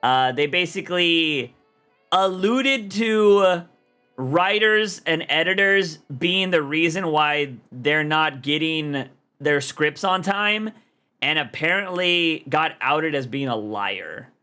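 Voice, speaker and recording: A young man talks loosely on his livestream, rambling in slang with plenty of animation. His voice sits high and bright with a sharp edge. Faint music plays behind him. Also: animated, takes it slowly, clean tone. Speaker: streamer and comic podcast host. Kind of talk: casual livestream chat.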